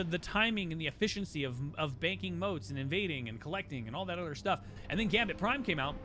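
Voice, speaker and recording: A man's voice: high-pitched, sharp tone. A man chatting casually on a gaming livestream, opinionated and rambling with frequent restarts, his voice tiring from a long day of talking. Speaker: streamer.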